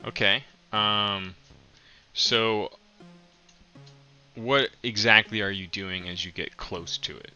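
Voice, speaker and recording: A man narrating as game master for an online tabletop game, halting and filler-heavy, pressing his players for detail. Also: fairly low pitch, fairly even intonation, sharp tone, clean tone, muffled recording, soft background music.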